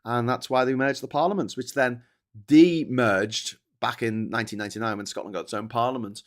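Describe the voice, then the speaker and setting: A man's voice: mid-range voice, fairly even intonation, fairly quick. A man hosting a livestream of political commentary, rambling and sweary, with sarcastic asides. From England.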